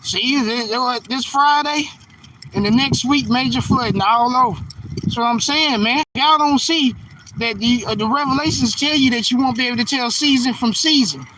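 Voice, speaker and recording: A livestream host in his forties from California chats casually and preachily, full of slang, in a very high, bright voice with a forceful tone at a moderate pace. The phone mic is held at a distance, giving a rough recording with street noise.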